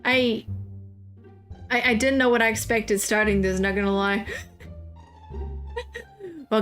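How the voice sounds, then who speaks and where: A woman's voice: on the high side, slow pace, pauses often, fairly bright tone, faint music behind. A woman streamer reading a slang parody of a children's book aloud, swearing and laughing at the text. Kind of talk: casual comic read-aloud.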